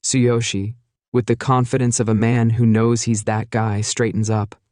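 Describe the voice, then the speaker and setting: A man's voice: mid-range voice, level tone, moderate pace, darkish tone, no room sound, clean studio sound. Man narrating a playful comic recap. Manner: playful, jokey storytelling.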